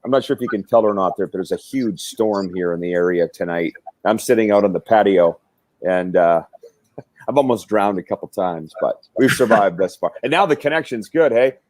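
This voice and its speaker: A man, a recovery coach, talking in a relaxed, joking way over a remote call from an outdoor patio. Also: lowish voice, a little fast, no echo. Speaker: recovery coach and talk show host. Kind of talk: casual interview talk. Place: outdoor patio during a storm.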